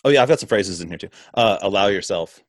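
Low-voiced laid-back man, dry sound. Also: expressive, fast talker, no echo. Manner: laid-back, frequent swearing and laughter, stumbling restarts. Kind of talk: casual chat.

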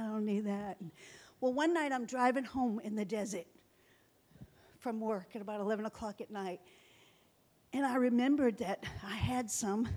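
A woman's voice: medium pitch, a little mellow. A middle-aged woman pastor preaching a sermon, telling stories in a chatty way and laughing often.

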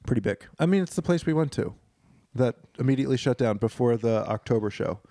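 A man's voice: mid-range voice, lively intonation, quick pace, dark tone, dry recording, clean studio sound. Rambling, profane young man on podcast. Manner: loose, profane, rambling storyteller. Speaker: podcast co-host. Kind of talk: casual banter.

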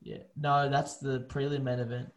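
An Australian man co-hosting a podcast, loose and excitable, swearing a lot, talking over a remote call. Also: mid-range voice, normal speed, crowd noise, low-quality recording. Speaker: podcast co-host. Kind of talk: casual chat.

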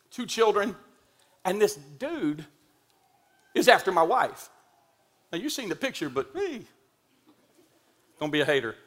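A middle-aged man preaching a sermon, telling a story from his own life in an animated, humorous and emphatic way. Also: high voice.

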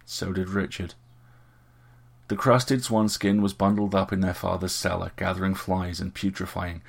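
A man giving a steady, measured audiobook narration. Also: sits low, gravelly.

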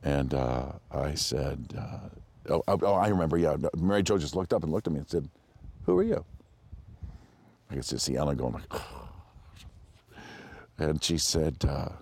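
Very deep-voiced man telling stories. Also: normal speed, slightly rough, no echo. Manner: animated, acts out other people's lines in higher voices; rambling with frequent restarts and laughs. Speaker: interview guest, actor. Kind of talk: anecdotal storytelling.

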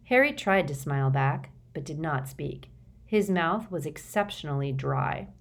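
A woman narrating an audiobook in a steady, measured way. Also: low voice.

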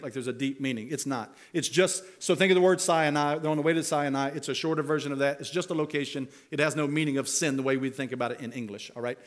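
High-voiced pastor preaching conversationally. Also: male voice. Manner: conversational, rising to emphatic rhetorical questions. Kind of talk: expository sermon.

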